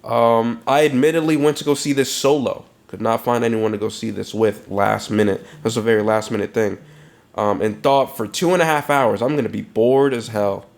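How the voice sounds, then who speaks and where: A man co-hosting a podcast in a loose, casual way. His voice sits at an ordinary middle pitch, and he swears freely as he talks. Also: moderate pace, vocal fry. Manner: loose, profane, animated film talk. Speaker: podcast co-host. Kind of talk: casual chat.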